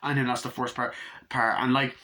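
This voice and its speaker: Rambling, profane man with a bright voice. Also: mid-range voice, level tone, moderate pace, slight background noise. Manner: rambling, profane, acts out scenes. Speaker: movie reviewer. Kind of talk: casual, unscripted review.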